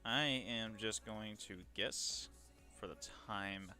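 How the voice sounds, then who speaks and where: A man's voice: fairly low pitch, takes it slowly, bright, forceful tone, soft background music. A man casually chatting to viewers while working on a 3D model commission, joking at his own expense. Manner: chatty, self-deprecating, talks to himself while working. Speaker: streamer doing 3D modeling commissions. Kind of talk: casual livestream commentary.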